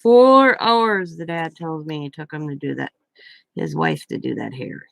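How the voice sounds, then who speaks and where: Gravelly older woman telling a story. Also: sits low, big pitch swings, unhurried, no room sound. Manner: rambling, chatty, self-correcting. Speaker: craft vlogger. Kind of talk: casual storytelling.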